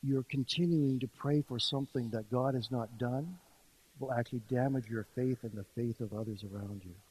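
A man's voice: mid-range voice, steady tone, moderate pace, husky, natural voice, poor audio. A man voicing a sly male devil who whispers doubts into the listener's ear. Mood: smooth, sly. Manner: hushed, insinuating whisper.

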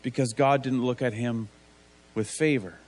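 A man's voice: mid-range voice, steady tone, moderate pace, a little mellow. A man preaching a conversational sermon, asking rhetorical tag questions and acting out biblical figures in casual voices.

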